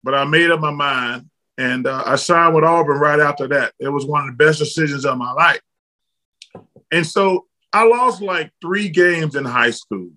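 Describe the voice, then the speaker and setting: A middle-aged man from Alabama, a former basketball player telling blunt, lively stories as a guest in an interview. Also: fairly high pitch, normal speed, poor audio. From Alabama, United States. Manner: lively, blunt storyteller, casual slang. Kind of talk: candid storytelling in an interview.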